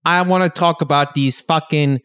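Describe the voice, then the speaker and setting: A man's voice: on the high side, steady tone, normal speed, fairly bright tone, clean tone. Wry young man podcast co-host. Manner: wry, joking, profane. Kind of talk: casual podcast banter.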